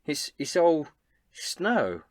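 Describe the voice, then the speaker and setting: A man's voice: a little high, wildly swooping pitch, extremely slow, no room sound, clean studio sound, pitched above the performer's own voice, full character voice. Man putting on a chatty young barmaid. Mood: gentle.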